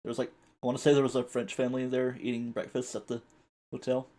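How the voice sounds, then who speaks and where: A man's voice: medium pitch, monotone, fast, mellow. A man streaming a video game live, rambling through chuckling commentary and reading the game's text aloud. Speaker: gaming streamer.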